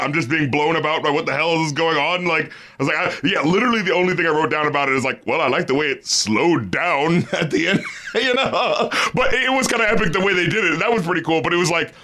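A man's voice: fairly high pitch, sharp tone. A man co-hosting a podcast, chatting casually about an album, laughing often and acting out quotes with some swearing. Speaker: podcast co-host. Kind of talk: casual album review chat.

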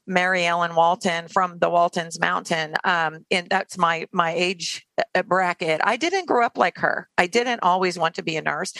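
A woman's voice: mid-range voice, sharp tone, dry recording. A woman in her sixties, a longtime nurse, talking casually as an interview guest, self-deprecating and rambling with many restarts.

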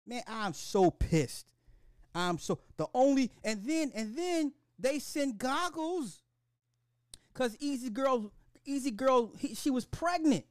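Excitable, profane man on a dry mic. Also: very high voice, takes it slowly, dry recording. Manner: animated, profane, excitable ranting. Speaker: podcast host. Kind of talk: casual podcast chat.

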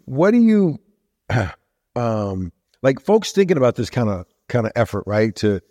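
A man's voice: mid-range voice, big pitch swings, unhurried, mellow, no room sound, clean studio sound. A man interviewing a guest in casual conversation, asking rambling questions full of fillers.

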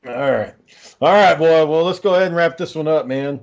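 A man's voice: a little high, a little fast, muffled recording. A man hosting a podcast in casual chat, swearing freely and joking about a friend. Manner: profane, joking, quotes friends in mock voices. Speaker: podcast host.

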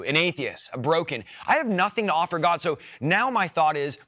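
A man's voice: on the high side, lively intonation, brisk, hardly any pauses, bright, forceful tone. A young man telling his personal faith testimony on a podcast, earnest and emotional, often repeating his phrases. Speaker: podcast guest.

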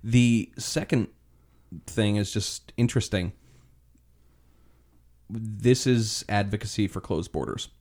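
A man's voice: on the low side, slow pace, long pauses, darkish tone. A man co-hosting a casual chat, blunt and swearing, laughing often.

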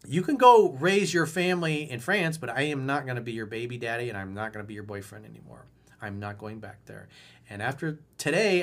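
Guy giving dating advice, blunt and cocky, swears a lot, mid-pitched voice. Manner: blunt, emphatic, profane and swaggering, acting out lines to say. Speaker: dating coach. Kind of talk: video coaching, answering viewer emails.

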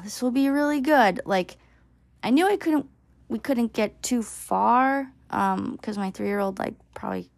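Woman in her 30s vlogging, chatty, says like a lot, bit of vocal fry. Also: medium pitch, dry recording. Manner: chatty, many "like" fillers. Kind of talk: casual personal storytelling.

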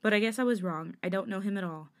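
A woman voicing a tearful, self-doubting young man who speaks softly and haltingly in a podcast fanfic reading. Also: medium pitch, lightly acted. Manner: soft, sniffly, halting.

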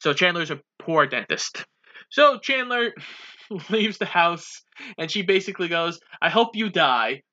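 A man co-hosts a casual podcast and walks through a film's plot step by step. His voice sits mid pitch with a bright, sharp tone. The sound is dull and lo-fi. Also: animated, measured pace. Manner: plain recap-style storytelling. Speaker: podcast co-host. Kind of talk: casual chat, recapping a film.

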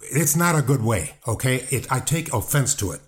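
His medium-pitched voice is expressive and moves at normal speed. As the subject's brother and a wrestling guest in a laid-back interview, the older man is blunt and defensive, often restarting, wandering off and swearing.

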